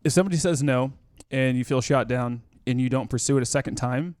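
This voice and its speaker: A man co-hosting a business podcast, explaining ideas in a steady, matter-of-fact way. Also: mid-range voice, a little fast, dry recording, clean studio sound. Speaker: podcast co-host. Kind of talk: casual explanatory talk.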